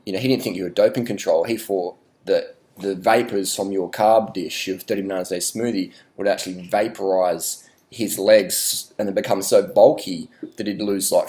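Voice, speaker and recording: A man's voice: sits low, darkish tone. Sarcastic Australian man ranting. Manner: rambling, mock-serious irony, swearing. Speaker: vlogger. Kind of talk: sarcastic comedic rant.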